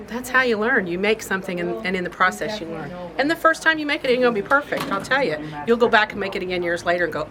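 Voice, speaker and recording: A woman's voice: mid-range voice, animated, fast talker, a crowd in the background. A woman hosting a craft shop's update video, chatting in a rambling, homespun way about upcoming classes. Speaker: shop host and class teacher. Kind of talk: casual shop-update chat. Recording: noisy shop recording.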